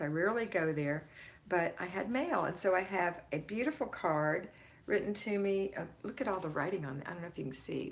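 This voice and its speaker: A woman's voice: lowish voice, gravelly, slight background noise. A woman hosting a live stream, chatting casually, reading out viewers' comments and greeting them by name with frequent laughs. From Florida, United States. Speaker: host of a home-organizing live stream.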